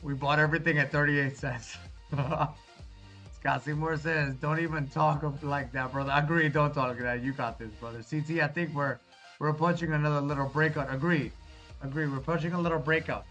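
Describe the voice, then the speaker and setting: A man's voice: on the high side, fairly even intonation, moderate pace, fairly bright tone. A man streaming live, reading viewer chat in a casual, reassuring way and calling everyone brother. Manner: laid-back, reassuring, calls viewers brother. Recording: dull lo-fi stream audio with faint music.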